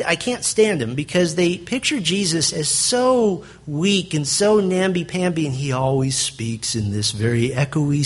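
A man with a slightly raised, husky voice delivers a sermon. He moves between reading scripture aloud and explaining it in an emphatic, conversational way. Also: fairly high pitch. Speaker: pastor.

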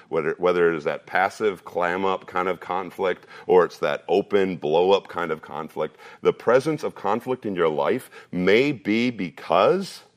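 A man in his thirties preaching a sermon, earnest and repeating phrases as he builds each point, sometimes dropping into a relaxed, story-telling tone. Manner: drops to a low conversational tone for a personal story. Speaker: pastor.

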